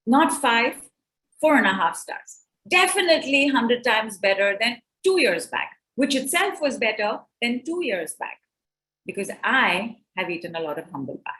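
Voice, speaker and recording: Middle-aged woman giving an animated talk. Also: a little high, moderate pace, a little hiss or hum, rough recording. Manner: animated, conversational, with quoted asides. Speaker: relationship speaker. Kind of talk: talk at an online summit.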